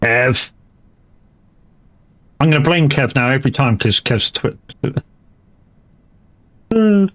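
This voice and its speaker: Slow and expressive, this male streamer speaks at a medium pitch with long pauses as he plays and chats casually. He drifts from subject to subject, swears casually and frequently restarts what he's saying.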